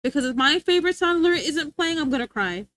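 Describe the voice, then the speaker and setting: High bright-voiced woman streamer. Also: lively intonation, fast talker. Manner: playful, teasing, laughs often. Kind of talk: casual live-stream chat.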